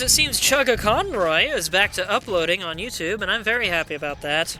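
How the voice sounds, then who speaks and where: A man's voice: high voice, animated, fairly quick, few pauses, bright, forceful tone, soft background music. A man commentating on his own video game playthrough in a chatty, casual way, sometimes reading the on-screen text aloud. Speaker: gameplay commentator. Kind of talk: let's play commentary.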